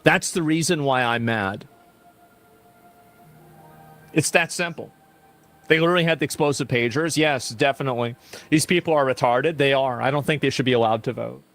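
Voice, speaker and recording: A man's voice: medium pitch, normal speed, long pauses, fairly bright tone. A man giving heated online commentary, emphatic and angry in tone.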